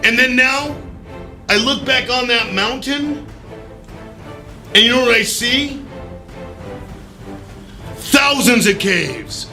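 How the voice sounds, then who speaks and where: A man giving an animated motivational talk about recovery, acting out scenes and using mild profanity. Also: very high voice, slow, long pauses, soft background music. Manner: animated, acts out his own voice in quotes, loud bursts. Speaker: recovery speaker.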